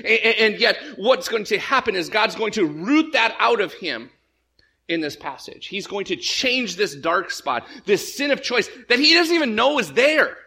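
A man preaching a sermon as pastor, animated and often stumbling over repeated words at the start of sentences. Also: high-pitched, normal speed, vocal fry, breathy edge.

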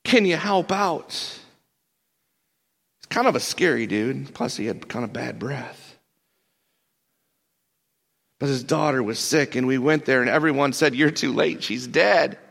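Peter, a man playing a slangy, excitable fisherman. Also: medium pitch, a little slow, vocal fry, full character voice. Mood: excited storytelling. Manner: slangy, animated storyteller, stammering restarts. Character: excitable fisherman apostle Peter, laid-back dude. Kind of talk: first-person character monologue.

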